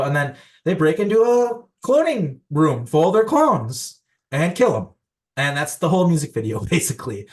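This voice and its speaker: Young male podcast guest, rambling storyteller, slightly higher pitch, loose casual delivery. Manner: rambling, filler-heavy, many restarts.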